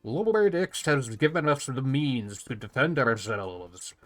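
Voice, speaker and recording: A man voicing a haughty female alien hive ruler from a video game, reading her lines slowly and solemnly. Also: medium pitch, lively intonation, faint music behind. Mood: imperious. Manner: slow, solemn, commanding delivery. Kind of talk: reading game dialogue aloud in a voice.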